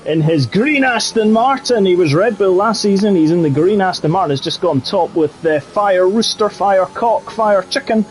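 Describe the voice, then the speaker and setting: A man's voice: high-pitched, normal speed, few pauses. A man commentating live on an online racing league, jokey and rambling, full of fillers and nicknames. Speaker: lead commentator. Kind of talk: live esports race commentary.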